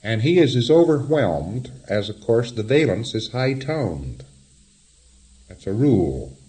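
A man's voice: mid-range voice, very animated, measured pace, dark tone. A man lecturing in a wry, explanatory way, often chuckling at his own examples. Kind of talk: recorded lecture.

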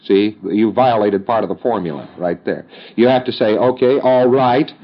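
A man's voice: on the low side, normal speed. Man lecturing on dull old tape. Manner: conversational, emphatic, with folksy fillers. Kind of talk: recorded instructional lecture.

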